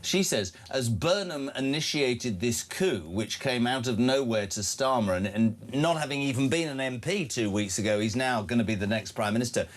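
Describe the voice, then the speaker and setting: Jokey blunt radio host. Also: male voice, medium pitch, animated, normal speed, hardly any pauses. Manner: jokey, blunt, reads listener messages aloud. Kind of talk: casual radio chat. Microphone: studio microphone.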